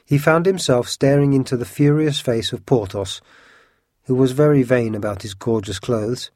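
Male storyteller, steady measured reading, close and dry. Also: mid-range voice, no echo. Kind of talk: audiobook narration.

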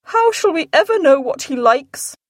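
A woman playing a shrill fretful mother. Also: big pitch swings, measured pace, husky, no room sound, studio quality, full character voice. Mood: indignant. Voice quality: high and emphatic. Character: fretful excitable middle-aged mother, shrill.

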